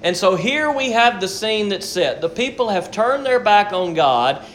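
A man's voice: high-pitched, very animated, a little slow, a bit bright. A man preaching a sermon as pastor, earnest and explanatory, often repeating words as he searches for the next phrase.

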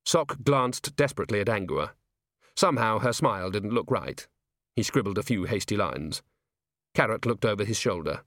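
A male audiobook narrator telling the story in a measured, lively way, his pitch moving freely through the sentences. The sound is dry and close, with no room around it. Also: no echo.

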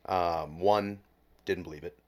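Late-20s man, very deep voice, podcast guest; candid, profane, emotional storytelling that dips to near whispers. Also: steady tone, measured pace. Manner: emotional, heavy swearing, drops to near whisper at low points.

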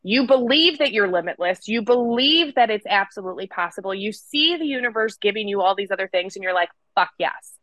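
A woman co-hosting a casual podcast, chatting with lots of energy and a playful streak of swearing. Her voice is bright and forward. It sounds close and dry, with no room around it. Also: medium pitch, expressive, brisk, few pauses, dry recording, poor audio. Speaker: podcast co-host.

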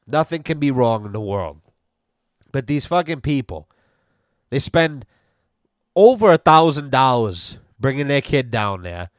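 Swearing, sarcastic podcast host. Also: male voice, mid-range voice, dry recording, clean studio sound. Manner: blunt, sarcastic, heavy swearing. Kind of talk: casual profane rant.

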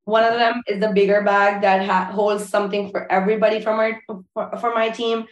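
A woman's voice: mid-range voice, fairly quick, dull audio. Woman wedding planner in an echoey room. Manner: relaxed, frequent fillers and restarts. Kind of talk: casual interview chat.

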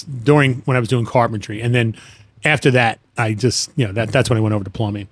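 A middle-aged man, a guest on a chat show, telling family stories in a rambling way with many restarts and lively imitations of people. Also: medium pitch, fast. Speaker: guest, retired plumbing business owner. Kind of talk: casual storytelling chat.

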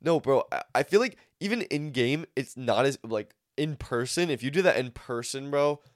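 A young man with a mid-pitched voice, chatting casually on a podcast, loose with slang and curse words. The sound is dry and close to the mic. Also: lively intonation, normal speed, dry recording. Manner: laid-back slang, frequent "bro", swearing. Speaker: podcast co-host. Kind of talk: casual chat.

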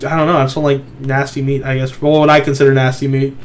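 A man's voice: mid-range voice, level tone, quick pace. A young man hosting a podcast, chatting casually, laughing often and swearing freely. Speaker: podcast host. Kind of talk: casual chat.

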